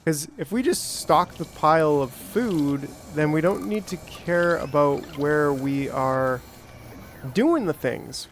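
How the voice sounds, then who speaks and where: Male streamer, slightly high voice, chatty self-talk with excited spikes. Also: measured pace, a little hiss or hum. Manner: rambling, self-talking, jokey with bursts of excitement. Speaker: gameplay streamer. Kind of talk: casual let's-play commentary.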